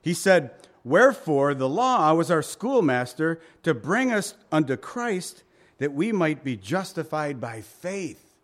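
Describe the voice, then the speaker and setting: Man, pastor, sermon, fairly high pitch, scripture reading, storytelling, swings from loud to soft. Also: sing-song, slow. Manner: reads scripture, then tells stories with acted quotes; wide swings in volume and pace.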